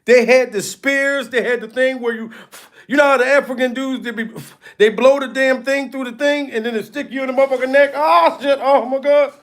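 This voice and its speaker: A man's voice: very high-pitched, fairly even intonation, fairly quick, fairly bright tone. A man hosting a gossip commentary vlog, dramatic and talking straight to his viewers. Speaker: commentary channel host.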